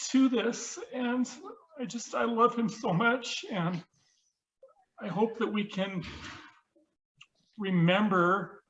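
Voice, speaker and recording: A man giving religious closing words at a memorial, earnest and faltering, with frequent pauses. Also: high voice, fairly bright tone, highs cut off. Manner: earnest, faltering, pausing often.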